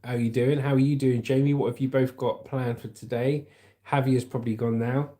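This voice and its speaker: A man's voice: medium pitch, little pitch movement, fairly quick, warm tone. A man hosting a casual livestream, chatting and reading out viewer comments in a rambling way. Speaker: livestream host. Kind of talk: casual live chat.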